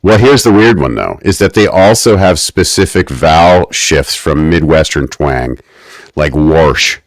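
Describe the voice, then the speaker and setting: Low-voiced guy co-hosting a podcast, dry close mic, jokey rants about the episode. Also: expressive, a little slow, no echo. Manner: wry, mock-academic ranting. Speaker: podcast co-host. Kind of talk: casual podcast recap chat.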